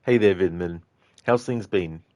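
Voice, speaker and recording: A man with a deep, mellow voice speaks a little slowly, and the recording is dry and muffled. He's streaming a game and casually chatting with viewers as he reads their messages, using lots of fillers and laughing easily.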